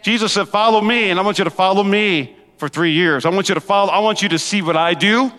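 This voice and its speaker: A middle-aged man preaches a sermon in a high, bright voice, animated and quick with asides to the crowd. His voice rings with a long reverb through a large church hall. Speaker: pastor.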